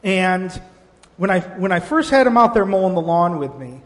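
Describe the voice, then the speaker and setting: Middle-aged male pastor, sermon delivery, higher-pitched, animated with frequent restarts, long hall reverb. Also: normal speed. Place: church sanctuary.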